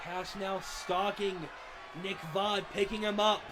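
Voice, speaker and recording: A man doing biased, shouting play-by-play commentary at a wrestling show, swearing and cheering on his favorites. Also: high voice, flat delivery, slow pace. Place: wrestling arena with live crowd. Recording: loud crowd and arena noise.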